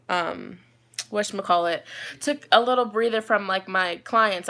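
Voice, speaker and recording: A woman's voice: fairly high pitch, fairly bright tone. A young woman hosting a casual live stream from her phone as a tarot reader, talking in a loose, slangy way and reading viewer comments aloud. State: a little out of breath. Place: outdoors with spotty wifi.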